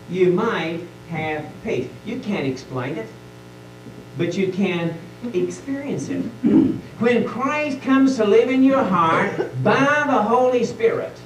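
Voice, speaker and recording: A preacher with a high voice delivers a sermon, his lines swelling out and then sinking to a near-whisper. The sound carries through an echoey church sanctuary. It was taped from a distance, with a faint hum under it. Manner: dramatic swings between a full voice and hushed, near-whispered lines. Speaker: pastor.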